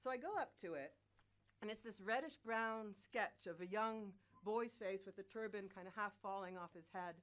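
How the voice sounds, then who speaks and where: A young woman telling a personal story in a lively, self-mocking way, with casual swearing. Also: mid-range voice, normal speed.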